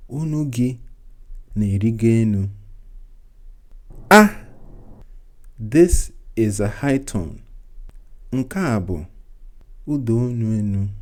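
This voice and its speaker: A man gives a beginner language lesson in a slow, unhurried voice. His tone is warm and mellow, and he repeats every phrase carefully in two languages so learners can follow. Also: fairly low pitch. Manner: slow and deliberate, repeating each line in English and Igbo. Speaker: language teacher.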